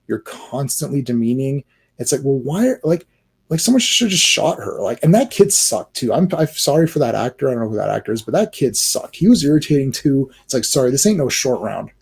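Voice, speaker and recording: Ranting husky man on a livestream. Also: mid-range voice, fairly quick. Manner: animated, ranting, frequent restarts and filler words. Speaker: livestream host. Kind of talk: casual movie-talk livestream.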